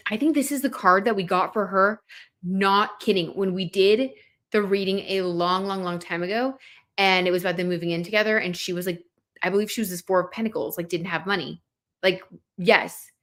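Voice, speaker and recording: Young woman, tarot livestream host, chatty, clear bright tone, filler-heavy casual talk. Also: mid-range voice. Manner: chatty, reads viewer comments aloud, frequent "like" fillers.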